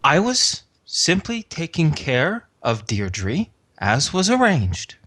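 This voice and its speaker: A man's voice: on the high side, huge pitch swings, takes it slowly, pushed and bright, voice pushed up, exaggerated voice. A man voicing a guarded, defensive woman caretaker who hesitates and restarts her sentences.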